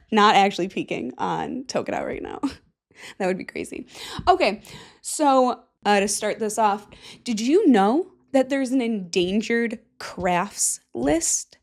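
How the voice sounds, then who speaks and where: A woman's voice: medium pitch, animated, a little slow, vocal fry. A woman hosting a casual solo podcast, goofy and self-mocking, with plenty of swearing. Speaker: podcast host.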